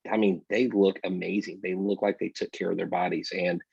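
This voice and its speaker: A man's voice: low voice, level tone, fairly quick, creaky, a little mellow, slightly rough, no room sound, highs cut off. A man co-hosting a casual sports podcast, talking energetically and straight to his listeners. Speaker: podcast co-host.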